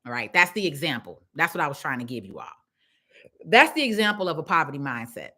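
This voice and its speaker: A deep-voiced woman with a Chicago accent talks fast, her pitch swinging widely in a bright, forceful tone. A small business owner, she gives followers a casual, preachy pep talk on a live stream, restating her points for emphasis.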